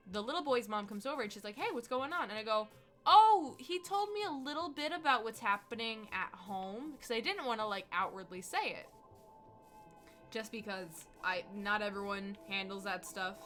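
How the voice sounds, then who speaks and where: A young woman streamer telling a rambling, animated story while she plays a game at home. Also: mid-range voice. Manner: chatty, rambling, animated retelling. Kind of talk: casual storytelling while gaming.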